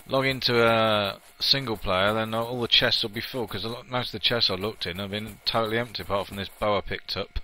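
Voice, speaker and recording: A let's-play gamer chats through the game he's playing, his voice pitched on the low side yet very bright and sharp-edged. Casual and opinionated, he rambles, laughs often, trades playful asides and shares his views freely. The recording is low quality, with a faint hiss of noise underneath.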